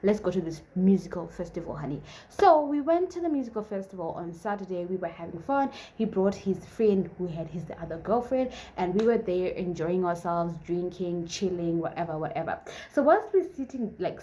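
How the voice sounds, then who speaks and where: A vlogger, a young woman in her twenties, casually tells a personal story in a lowish, dark-toned voice. She's chatty and heavy on fillers, and she acts out the quoted dialogue.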